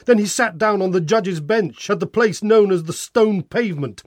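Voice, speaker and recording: A man reads a Bible passage aloud in a clear, expressive narration. His voice sits a little high, and the recording is dry and close. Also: moderate pace, no room sound.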